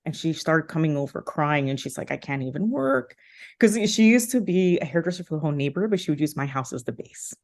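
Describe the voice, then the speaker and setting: A woman in her thirties speaks as a podcast guest, her voice sitting a little low. She tells a personal story with heartfelt emotion, circling back with fillers and restarts as she goes. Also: expressive, fast talker, a little mellow.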